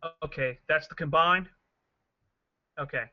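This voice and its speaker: A man playing a tabletop game, excitable and laughing at his own bad luck. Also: fairly high pitch, measured pace, dull audio. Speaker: player.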